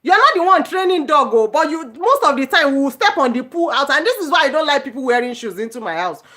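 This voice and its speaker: A woman's voice: high-pitched, sing-song, fast, a bit bright. A middle-aged woman talking casually to her viewers in an indignant, emphatic rant, repeating herself for force. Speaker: vlogger. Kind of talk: casual ranting monologue to viewers.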